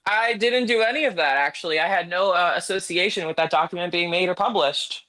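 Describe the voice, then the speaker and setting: A woman's voice: on the low side, fairly quick, a bit bright. A woman calling in to a stream, defending herself in a heated argument, exasperated and swearing often. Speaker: interviewed guest on a call-in stream. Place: remote call-in.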